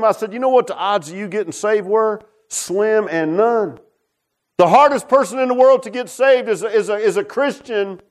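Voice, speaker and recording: Preacher guy, middle-aged, high voice, folksy, goes loud then real quiet. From Virginia. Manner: folksy, repeats "man" and "huh?"; swings from loud preaching to hushed low tones. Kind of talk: testimony sermon.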